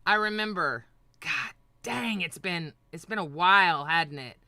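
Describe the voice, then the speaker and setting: A woman hosting a livestream, ranting with heavy profanity and often breaking into shouts. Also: lowish voice, unhurried, dry recording, studio quality. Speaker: livestream host. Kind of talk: heated livestream rant.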